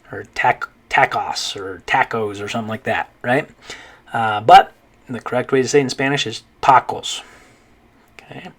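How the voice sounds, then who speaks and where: A man teaching a casual spoken lesson, relaxed and chatty, often checking in with the listener. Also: mid-range voice. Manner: relaxed, many fillers and check-ins like "okay?" and "right?". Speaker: Spanish teacher.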